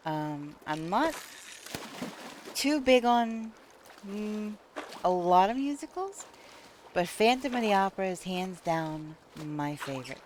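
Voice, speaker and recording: A woman with a Long Island New York accent talks casually to her live-stream chat, laughing often between remarks. Her pace is slow and easy, and her pitch sits in a middle range. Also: sing-song, darkish tone, a little hiss or hum.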